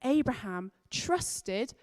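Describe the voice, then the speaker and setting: Woman giving a lively kids' talk. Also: on the high side, extremely slow. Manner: emphatic, storytelling, stretching key words. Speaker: children's and families leader. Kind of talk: lively children's talk in church. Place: large church hall. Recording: long reverb of a church hall.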